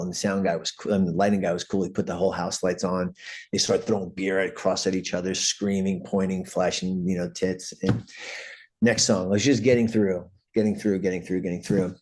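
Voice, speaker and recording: A middle-aged man from New York City, a punk singer, telling an animated backstage story with swearing and acted-out voices. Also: deep voice, a little fast. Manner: animated anecdotes, acts out quoted voices, swears freely. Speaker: guest, punk band vocalist. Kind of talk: casual storytelling.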